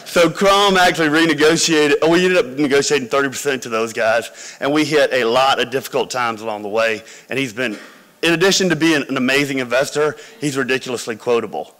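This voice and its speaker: A man's voice: medium pitch, a little fast, fairly bright tone. A man, a company founder, giving a conversational business talk full of anecdotes to MBA students, with hall reverb around him.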